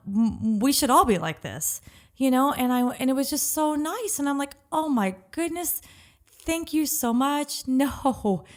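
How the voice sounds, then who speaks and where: A woman co-hosting a business podcast, telling a story in a lively way and acting out what people said. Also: a little high. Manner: animated storyteller, acts out quotes. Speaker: podcast co-host. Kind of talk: casual chat.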